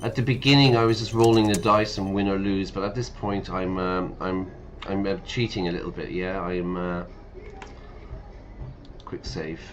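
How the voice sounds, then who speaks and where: A fairly low-voiced man teaching English while he plays a game, chatting loosely and laughing a lot. He stops to explain slang words, with faint hiss behind him. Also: steady tone, moderate pace. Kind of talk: casual explanation while playing.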